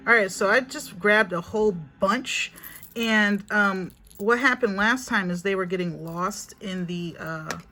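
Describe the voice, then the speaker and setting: A woman gives a casual spiritual reading into her phone, her voice sitting at a mid pitch. She is chatty and emphatic and circles back over her own phrases. Faint music plays behind her. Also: unhurried, sharp tone. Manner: chatty, repetitive, emphatic, often addresses viewers as honey. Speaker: spiritual reader.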